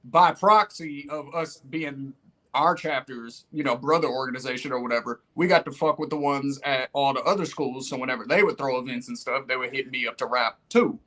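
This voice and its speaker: A man's voice: mid-range voice, a little fast, a bit bright. A young man, co-hosting a podcast in casual chat and telling stories in a laid-back way full of "like" and "you know what I'm saying.". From Detroit, Michigan. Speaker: podcast co-host.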